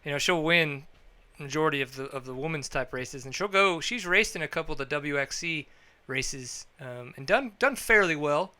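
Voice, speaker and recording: A male podcast host with a very bright, clean voice, talking casually and joking with his guests. He swings between easy chat and loud, excited bursts. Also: moderate pace, smooth. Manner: upbeat, joking, bursts of high energy.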